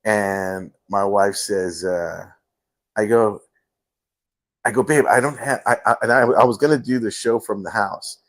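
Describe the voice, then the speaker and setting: A man's voice: lowish voice, steady tone, unhurried. A man hosting a casual livestream from home, telling stories with many fillers. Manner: rambling storyteller, many fillers. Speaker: host.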